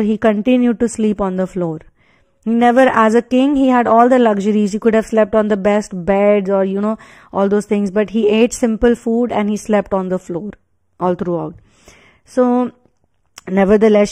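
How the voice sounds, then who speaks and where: A woman's voice: mid-range voice, darkish tone, no echo. A woman telling a spiritual story in a casual, earnest way, with emphatic repetition and frequent restarts.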